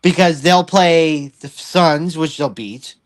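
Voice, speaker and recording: A man's voice: fairly high pitch, takes it slowly. A man co-hosting a casual sports talk show, thinking aloud with frequent restarts and fillers. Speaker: podcast co-host.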